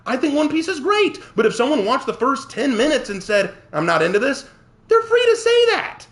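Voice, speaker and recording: High, lively, indignant male streamer. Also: normal speed. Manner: heated, indignant, ranting; answers chat by name. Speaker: streamer and writer. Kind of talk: live-stream rant to chat while gaming.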